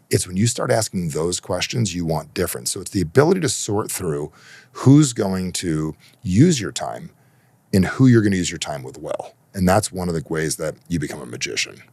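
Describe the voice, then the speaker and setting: Gravelly, husky, deep-voiced man talking fast. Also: no echo. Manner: animated, acts out dialogue in raised voices; emphatic, persuasive. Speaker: human behavior coach. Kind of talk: podcast interview guest.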